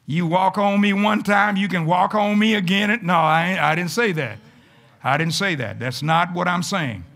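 A man, a pastor, preaching a folksy, animated sermon to his congregation in church, sometimes rising to shouts. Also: high voice, normal speed, creaky. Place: church sanctuary.

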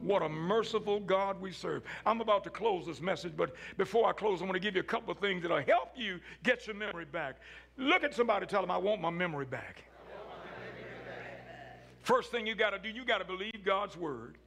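Male pastor, high and gravelly, preaching with hushed-to-shouted swings. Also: expressive, fairly quick, faint music behind. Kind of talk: sermon.

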